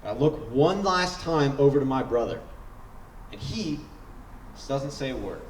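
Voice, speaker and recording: A man's voice: medium pitch, expressive, a little slow, noisy background. Man telling a story in an echoey hall. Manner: wry, humorous, building suspense. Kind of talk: live personal storytelling. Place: stage in a large hall. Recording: echoey hall, picked up from a distance.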